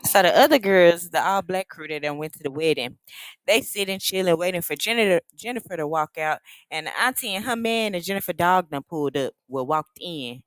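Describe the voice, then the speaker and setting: A woman recapping a reality TV episode, acting out the cast in quick put-on voices. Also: lowish voice, animated, dry recording. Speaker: reaction show host.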